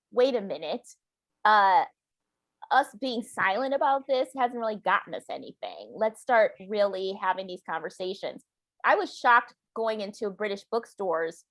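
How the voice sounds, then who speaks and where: An American woman author in a conversational interview, animated and laughing, quoting others in mocking voices. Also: medium pitch. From United States. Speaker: author guest.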